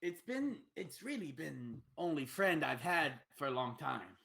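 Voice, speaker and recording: A lonely oddball adventurer from a tabletop game, voiced by a player, who speaks in broken phrases and talks about himself in the third person. The voice is gravelly, with fry underneath. The pitch swings widely from word to word. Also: animated, unhurried, a bit bright. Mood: hesitant. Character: odd loner adventurer Didiki, hears a voice. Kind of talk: tabletop role-play in character.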